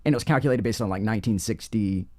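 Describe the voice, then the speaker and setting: A man's voice: fairly low pitch, racing, warm tone, no room sound, studio quality. A man co-hosting a casual legal discussion, rambling through the story with frequent restarts and self-corrections. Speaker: podcast co-host discussing court cases.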